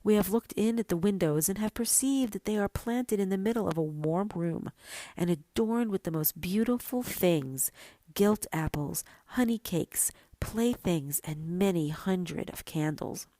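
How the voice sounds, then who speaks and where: A woman voicing a chattering flock of boastful sparrows who talk in a chirpy, quick way in a storybook reading. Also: mid-range voice, mellow, no echo, close to an everyday voice. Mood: excited.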